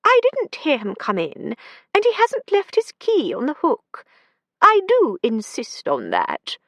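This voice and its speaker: A woman's voice: high-pitched, huge pitch swings, measured pace, a bit bright, no room sound, pitched above the performer's own voice, heavily acted. A woman voicing a thin-voiced, genteel elderly landlady in an audiobook. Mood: prim. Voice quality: thin, prim.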